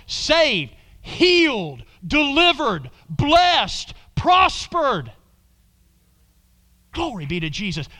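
High lively preacher guy, bright voice, gets loud then drops to a whisper, has folks repeat after him. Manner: animated, swings from loud exclamations to hushed whispers; calls on the congregation to repeat lines. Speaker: pastor. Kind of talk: preaching a sermon.

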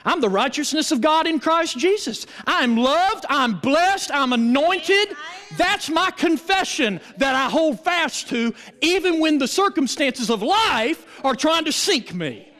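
High-voiced preacher in an echoing hall. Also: male voice, measured pace, hardly any pauses. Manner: call-and-response preaching, animated and emphatic. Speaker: pastor. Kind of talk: sermon. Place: church.

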